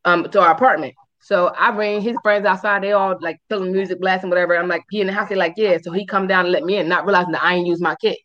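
A woman's voice: fast talker, lo-fi sound. A woman co-hosting a podcast, telling a story in casual, profane chat and acting out what people said. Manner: animated, profane, acts out quotes in high squeals. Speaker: podcast co-host.

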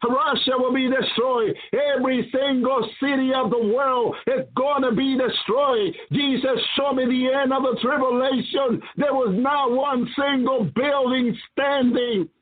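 A man's voice: very high-pitched, steady tone, measured pace, few pauses. A man preaching a prophetic sermon, fervent and repetitive, with frequent hallelujahs and praise. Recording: tinny phone-like audio.

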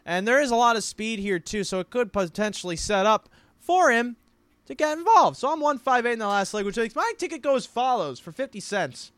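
A man hosting a casual horse racing picks show, animated and jokey with playful wordplay. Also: extremely high pitch, a little fast, dry recording. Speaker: host. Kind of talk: casual harness racing handicapping chat.

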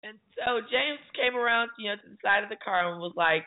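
A woman co-hosting a talk show, telling stories in a chatty, animated way. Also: mid-range voice, fairly quick. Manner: chatty storytelling, animated retellings. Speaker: radio talk show co-host. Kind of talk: casual chat. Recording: tinny phone-like line.

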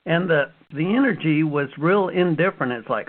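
Animated storytelling man on a phone-like line. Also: fairly high pitch, normal speed. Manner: animated storyteller, acts out his own past reactions. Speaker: author and guest. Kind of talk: storytelling interview answers. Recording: phone-like narrow sound.

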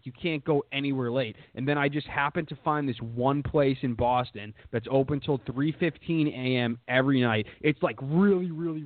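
A young podcast host with a mid-range voice rambles through crude casual chat, cursing and saying "dude" constantly. The audio is dry, phone-like lo-fi with no room sound.

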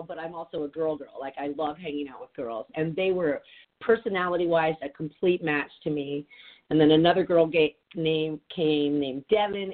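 A middle-aged woman hosting a podcast, telling a story in a rambling, chatty way with lots of "like". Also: deep voice. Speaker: podcast host. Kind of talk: casual chat. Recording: tinny phone-like sound.

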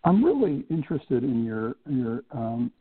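Male interview host, measured and courteous, slight rasp; dry narrow phone sound. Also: mid-range voice, very animated, no room sound. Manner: measured, careful questions with "uh" fillers. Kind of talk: radio interview.

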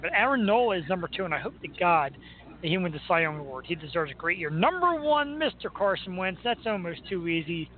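Chatty high-voiced Philly sports host. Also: male voice. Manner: chatty, enthusiastic fan banter. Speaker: talk show host. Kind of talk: casual sports talk. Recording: tinny phone-like sound with faint noise.

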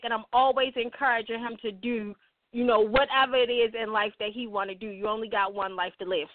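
A woman with a high voice hosts a casual radio talk show, blunt and salty, telling stories with lively energy. The sound is dry and thin, like it comes over a phone line. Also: dry recording. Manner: blunt, profane, lively storytelling.

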